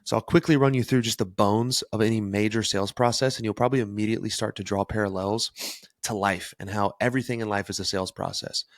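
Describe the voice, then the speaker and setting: A man's voice: on the low side, fast talker, no echo, studio quality. Fired-up young man, podcast host. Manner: energetic, emphatic, self-described as fired up. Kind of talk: solo podcast talk on self-improvement.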